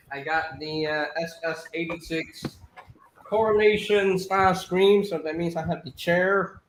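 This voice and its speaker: A man's voice: a little high, slow pace, a little hiss or hum, low-quality recording. A man chatting casually about his toy collection, easygoing and a bit hesitant. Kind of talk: casual chat about toys.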